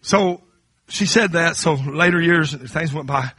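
Preacher, middle-aged man, very bright and dry close sound, shifts from hushed to shouting. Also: unhurried, breathy edge, dry recording. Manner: swings from low confiding talk to high shouted crescendos. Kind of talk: sermon.

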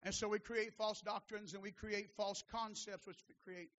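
A pastor preaches a sermon that builds from steady teaching into fervent, shouted calls before dropping back to quiet asides, repeating phrases for emphasis. His voice is high, at normal speed, and the audio sounds dull.

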